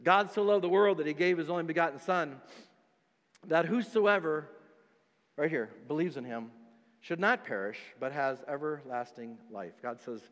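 A pastor preaching a sermon, emphatic and repetitive, dropping to quiet stretches between louder ones. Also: male voice, fairly high pitch, lively intonation, normal speed, long reverb tail, muffled recording. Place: church sanctuary.

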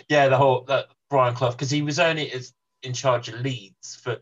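A man co-hosting a casual film podcast, talking with hesitant pauses. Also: mid-range voice, steady tone, muffled recording. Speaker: podcast co-host. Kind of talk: casual chat.

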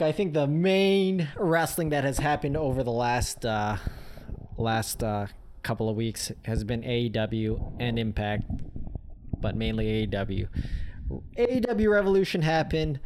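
A man co-hosting a casual podcast chat, talking in an animated, excitable way and laughing often. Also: a little high, unhurried, slight background noise. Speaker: podcast co-host.

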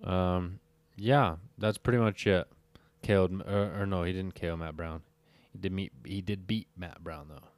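In a deep, slightly mellow voice with fairly even intonation, a tired man casually goes over MMA fight records solo at a moderate pace. He wanders off track, corrects himself, and keeps stopping to verify records, all in a dry recording.

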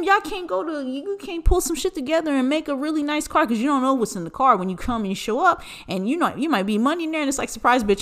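Animated, profane woman ranting on her podcast. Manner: animated, profane, swings in pitch for emphasis. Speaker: podcast host. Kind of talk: casual solo podcast rant.

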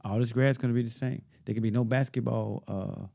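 A man's voice: mid-range voice, fairly even intonation, quick pace, creaky, dark tone. A man co-hosting a podcast, chatting casually and telling a story while acting out the dialogue he quotes. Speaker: podcast co-host. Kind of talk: casual chat.

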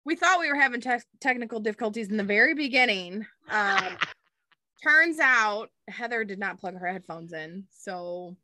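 Young woman, podcast co-host, casual chatty storytelling, bright tone, dry sound. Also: mid-range voice, moderate pace, no echo. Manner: chatty, many "um"s, animated storytelling. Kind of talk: casual chat.

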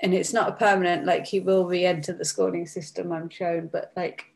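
British woman, gravelly low voice, laughs a lot and says like constantly, chatty. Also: little pitch movement, normal speed, a little mellow. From Britain. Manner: laughs often, many fillers of "like". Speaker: hypnosis session client. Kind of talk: casual chat.

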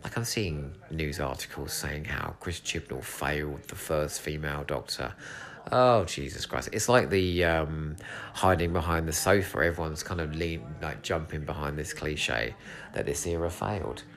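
English male podcast host, low voice, chatty and fired up, swears casually. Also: normal speed, a bit bright. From England. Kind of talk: solo episode commentary. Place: home room with a cat.

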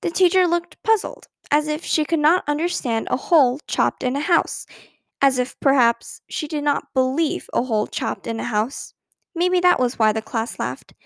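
A woman reads a children's storybook aloud with an expressive, lively delivery. Her voice is high and the sound is close and dry, with no room around it. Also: moderate pace, vocal fry, dry recording. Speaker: narrator.

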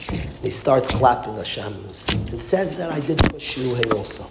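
A man's voice: mid-range voice, lively intonation, normal speed, gravelly. Man preaching in an echoey, noisy room. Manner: emphatic, repetitive, builds to passionate exclamations. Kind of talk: storytelling sermon. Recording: echoey room with background noise.

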